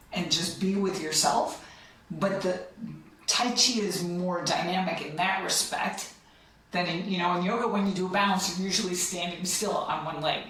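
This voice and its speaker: A woman's voice: on the low side, a bit bright, slight background noise. A middle-aged woman guest chatting casually and enthusiastically, laughing often and trailing off mid-sentence. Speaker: podcast guest. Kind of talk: casual chat. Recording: echoey, distant from the mic.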